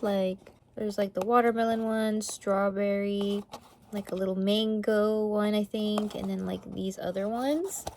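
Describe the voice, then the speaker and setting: A young woman chatting casually in an unboxing vlog, gasping and gushing excitedly. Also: medium pitch, noisy background. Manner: gushing, gasping, excited over cute toys. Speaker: vlogger.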